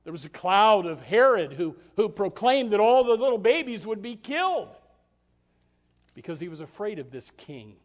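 A man preaching a sermon with passion, jumping from loud exclamations to hushed lines and repeating words at the start of phrases. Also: sits high, big pitch swings, moderate pace.

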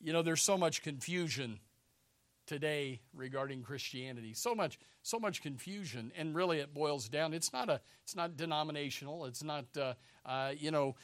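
Man, pastor, sermon, high-pitched, emphatic, repetitive, loud-then-soft swings, dry close sound. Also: dry recording. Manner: emphatic and repetitive, swinging between loud urgency and quiet asides; many fillers and restarts, conversational preaching.

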